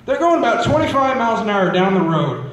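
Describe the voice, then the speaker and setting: A man's voice: sits high, sing-song, quick pace. A young man doing stand-up at a school talent show, telling chatty stories and asking the crowd questions. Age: young adult. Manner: chatty, asks the crowd questions, acts out relatives. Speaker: student comedian. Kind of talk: stand-up storytelling. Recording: echoey hall from far off.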